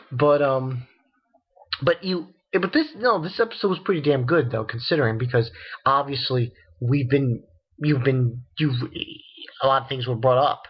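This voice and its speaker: A young man reviewing an anime episode in a casual, rambling rant, cursing freely and breaking into shrill disbelief. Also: unhurried, husky, lo-fi sound. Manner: excitable and profane, rambling, jumps into shrill disbelief.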